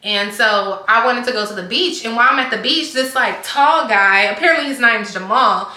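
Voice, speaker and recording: A woman's voice: fairly high pitch, moderate pace, sharp tone. A young woman telling a casual storytime, chatty and rambling, filling her talk with "like". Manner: chatty, rambling, heavy use of "like". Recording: echoey room.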